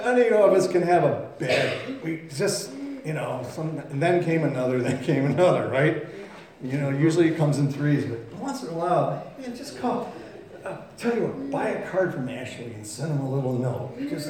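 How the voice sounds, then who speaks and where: A man's voice: fairly high pitch, lively intonation, unhurried. A man preaching a sermon in a folksy, storytelling way, acting out voices and sounds. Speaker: pastor. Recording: very echoey room.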